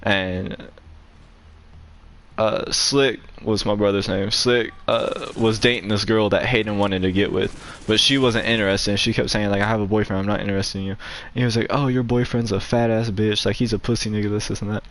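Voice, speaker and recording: A man's voice: on the low side, fairly even intonation, fairly quick, fairly bright tone. A young man telling a story in casual chat, rambling with lots of fillers and laughing between lines. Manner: rambling, heavy use of "like" fillers, laughs often. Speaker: gaming channel host.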